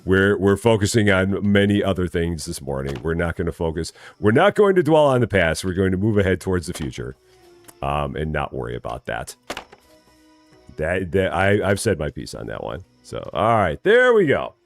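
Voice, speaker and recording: A man's voice: low-pitched, very animated, normal speed, gravelly, faint music behind. A man casually commenting as he plays a farming game on a live stream, chatty and friendly, greeting viewers by name and often repeating his words. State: still waking up, early morning.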